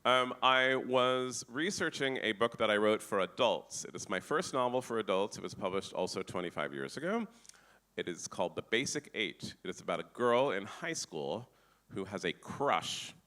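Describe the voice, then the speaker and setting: Deadpan man with a bright, forceful voice. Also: fairly low pitch, moderate pace. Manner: dry, deadpan, stammering restarts. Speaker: author on a festival stage. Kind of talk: comic storytelling on stage. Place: festival tent with live audience.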